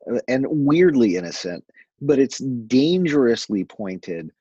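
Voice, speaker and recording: A man in casual conversation, analyzing a comedy routine in a thoughtful, measured way. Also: mid-range voice, very animated, warm tone, husky, no echo. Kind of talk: casual chat. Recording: dull lo-fi mic, dry.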